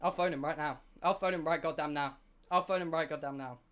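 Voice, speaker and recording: Streamer, young British man, high and bright voice, excitable, sweary storyteller. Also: clear, resonant tone. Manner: excitable, swearing, dramatic pauses. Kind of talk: animated storytelling to a live chat. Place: home streaming room.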